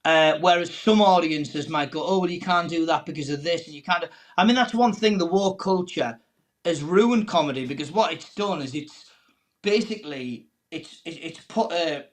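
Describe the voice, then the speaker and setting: A comedian, his voice sitting a little high, tells a story on a panel show. He is animated and acts out the people in it. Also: normal speed. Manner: animated anecdote teller, acts out quoted voices. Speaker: comedian guest.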